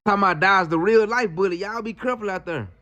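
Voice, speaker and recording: A man telling a story in a casual, slangy, animated way. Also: high voice, fast talker.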